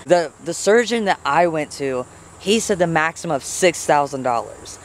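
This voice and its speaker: A man's voice: expressive, normal speed, slight background noise. A young adult man vlogging outdoors by a house and garden, talking in a rambling, earnest way. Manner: rambling and earnest, voice jumps high when talking to pets. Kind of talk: casual vlog talk.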